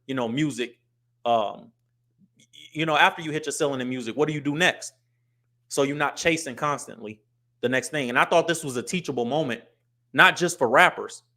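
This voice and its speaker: A middle-aged American man hosting his own show, talking casually to camera and acting out voices to make his points. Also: medium pitch. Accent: US English. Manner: animated, acts out street and business voices. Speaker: host.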